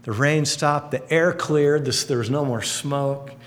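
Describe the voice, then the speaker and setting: A man preaching a sermon, telling stories earnestly with lively swings in pitch and loudness. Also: measured pace. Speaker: pastor. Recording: long hall reverb, faint hum.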